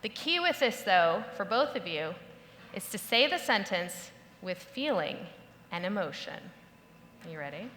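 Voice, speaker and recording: A woman giving a lively talk to a live audience, playful and instructive, acting out the voices she quotes. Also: medium pitch, measured pace, slight background noise. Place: large hall before a live audience. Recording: echoey hall with long reverb, faint ambience.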